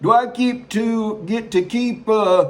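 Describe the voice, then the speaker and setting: A man's voice: high-pitched, slow pace, voice pushed up. A man voicing a self-pitying male governor in a put-on New York Italian accent, whiny and fumbling over his words. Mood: eager.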